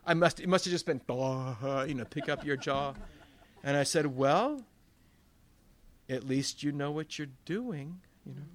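A man's voice: a little high, lively intonation, measured pace. A man preaching a sermon as pastor, telling stories with quoted voices and emphatic rises. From Northern California.

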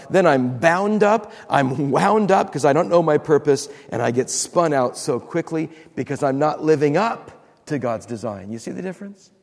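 A man's voice: fairly high pitch, in a large hall. A man preaching a sermon as pastor, acting out quotes and repeating words for emphasis.

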